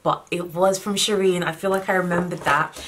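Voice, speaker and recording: A woman's voice: on the low side, fairly even intonation, brisk, background noise. Chatty woman vlogging gift unboxings. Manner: chatty, warm thanks, emotional at moments. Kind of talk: casual unboxing vlog.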